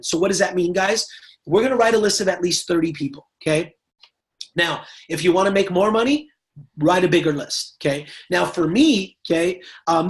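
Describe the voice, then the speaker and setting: A man leading a network marketing team training, energetic and chatty, acting out little quoted exchanges and checking in with "right?" and "okay?". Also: high-pitched. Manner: energetic, acts out quoted voices, says "right?" and "okay?" often. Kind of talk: motivational training talk.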